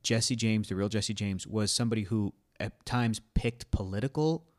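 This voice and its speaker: A man's voice: fairly low pitch, normal speed. A man hosting a casual podcast chat, prompting others with questions and frequent "like"s. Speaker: podcast host.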